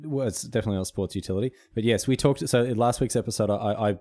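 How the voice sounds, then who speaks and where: A man's voice: lowish voice, racing, a loud crowd. An Australian man co-hosting a podcast, chatting casually, explaining things patiently and joking along. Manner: explains carefully, playful, breaks into laughter. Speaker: podcast co-host. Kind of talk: casual chat.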